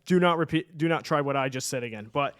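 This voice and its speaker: A man co-hosting a relaxed sports talk show, his voice sitting a little high for a man. He talks with eager enthusiasm, laughs easily and often stops to restart his sentences. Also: fast talker. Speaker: sports podcast co-host. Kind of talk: casual sports chat.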